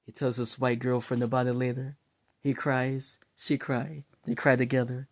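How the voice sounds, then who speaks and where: A man's voice: medium pitch, normal speed. A man casually retelling a dramatic story and acting out its scenes. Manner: animated, acts out scenes.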